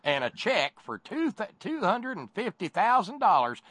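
Guy doing a mock russian lobbyist voice, higher, hammy. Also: very animated, normal speed, fairly bright tone, dry recording, heavily acted. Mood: mock-formal. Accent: fake Russian. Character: man putting on a smooth Russian lobbyist voice.

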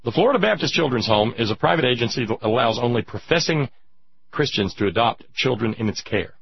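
A man's voice: medium pitch, expressive, brisk, vocal fry, breathy edge. A man hosting political talk radio, emphatic and sarcastic, chatting with listeners through a dull lo-fi radio recording. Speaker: radio talk show host.

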